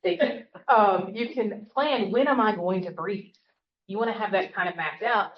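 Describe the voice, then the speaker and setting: In an echoey room on lo-fi audio, a woman with a mid-range voice and a Southern accent teaches a workshop. The college professor talks quickly and conversationally, engaging the class and repeatedly adding "right?"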